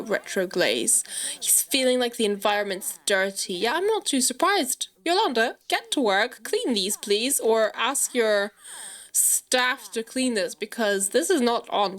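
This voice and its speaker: A woman with a fairly high voice commentates casually on her gameplay. She chats to the viewer and scolds her characters, exclaiming often and sometimes dropping to a whisper. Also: fairly bright tone. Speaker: gaming channel host.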